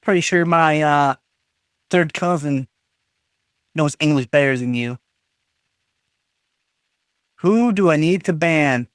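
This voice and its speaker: A man's voice: fairly high pitch, takes it slowly, pauses often, clear, resonant tone, dry recording, studio quality. A man chatting on a live stream, reading his chat aloud and trading jokey teasing banter with the viewers. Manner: reads chat messages aloud and reacts.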